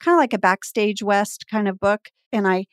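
A Texan woman in her forties guests on a podcast, telling a story in casual chat with a medium-pitched voice at a moderate pace. The recording is dry and clean, studio quality, and she animatedly acts out the voices she quotes.

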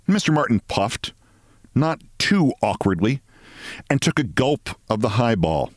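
A man hosting a show, reading a story aloud in a measured, expressive way. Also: lowish voice, no room sound, clean studio sound. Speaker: host.

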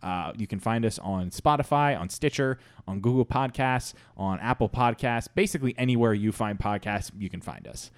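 A man's voice: medium pitch, normal speed, few pauses, no echo, clean studio sound. Rambling, chuckling podcast host, man. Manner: rambling, filler-heavy, chuckling. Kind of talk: casual comedy podcast chat.

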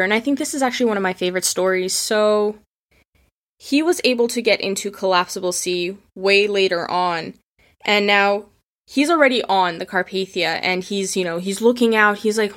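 A woman's voice: medium pitch, moderate pace, fairly bright tone. A woman telling history stories casually, with emotion, acting out the voices of the people she quotes. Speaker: history storyteller. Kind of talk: casual spoken history storytelling.

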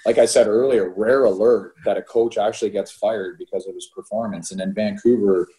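A man, a former hockey player co-hosting a casual chat, telling animated stories and acting out quotes. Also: on the low side, a little fast, rough recording. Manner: animated storyteller, laughs often, acts out quotes.

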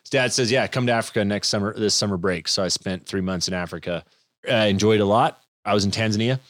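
Low-voiced man, podcast guest, rambling storyteller, dry close mic. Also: fast, fairly bright tone, dry recording. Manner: rambling, self-interrupting storyteller. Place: room with other people and mics. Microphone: studio mic.

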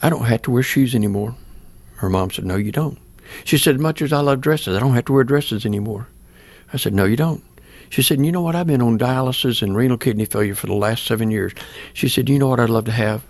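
Gravelly older man telling his story. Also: medium pitch, brisk, no room sound. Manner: plain-spoken, earnest, acts out remembered dialogue. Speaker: pastor. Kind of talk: personal storytelling in an interview.

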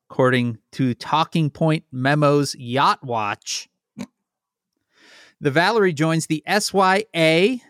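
A man's voice: on the high side, a bit bright, clean tone, dry recording, clean studio sound. A man co-hosting a casual podcast, reading out news with wry asides. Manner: chatty, wry, reads out figures between jokes. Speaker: co-host.

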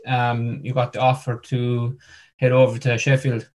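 A male interviewer with a middle-pitched voice keeps things casual. He answers his guest with short encouraging remarks and then steers toward the next question. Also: completely flat delivery, unhurried, a little mellow.

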